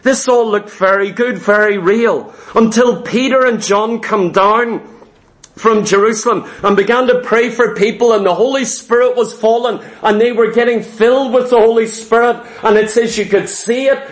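A man's voice: high-pitched, fairly even intonation, moderate pace. A man preaching a sermon, emphatic and fervent, retelling scripture with vivid asides.

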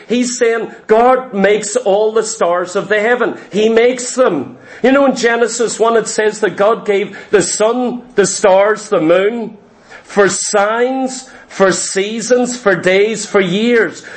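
A man preaching a sermon, emphatic and full of repeated rhetorical questions. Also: high-pitched.

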